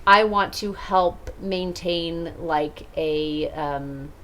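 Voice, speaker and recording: A woman guest on a parenting podcast, explaining calmly with frequent "like" and "right". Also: on the low side, drawn-out words. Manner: calm, explanatory, many likes and rights. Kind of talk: podcast conversation.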